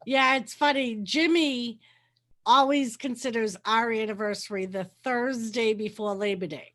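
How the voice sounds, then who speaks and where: A high-pitched woman telling a story in relaxed chat. She laughs often and bounces into little acted-out quotes as she goes. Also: measured pace.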